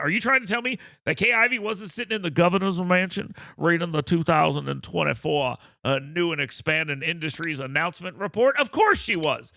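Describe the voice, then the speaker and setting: Man, radio talk host, high gravelly voice, sharp and blunt. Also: expressive, fairly quick, hardly any pauses, dry recording. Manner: emphatic, blunt and sarcastic. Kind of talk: opinionated political talk radio. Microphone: studio broadcast mic.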